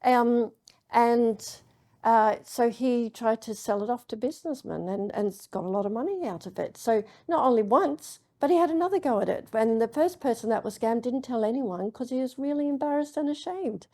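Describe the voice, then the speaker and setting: A woman giving a public lecture, telling anecdotes in a chatty way with many pauses and ums. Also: fairly high pitch, warm tone. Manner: chatty storytelling with frequent ums. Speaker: university lecturer. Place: lecture hall.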